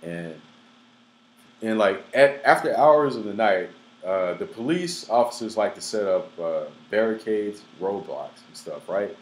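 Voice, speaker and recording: A young man telling stories in a loose, profane, filler-heavy way, breaking into animated outbursts. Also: lowish voice, measured pace, low-quality recording. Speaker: vlogger. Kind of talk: casual storytelling monologue.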